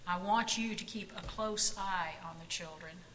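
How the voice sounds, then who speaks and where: A woman reading the lines of a worried, stern father in a story, speaking low and gravely. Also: unhurried, sharp tone, in a large hall, slight background noise, poor audio.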